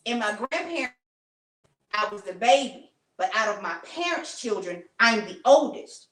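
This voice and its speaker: A woman's voice: on the high side, animated, moderate pace, fairly bright tone. A woman co-hosting a podcast, chatting candidly about family. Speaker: podcast co-host. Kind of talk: casual group discussion. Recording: echoey room from far off.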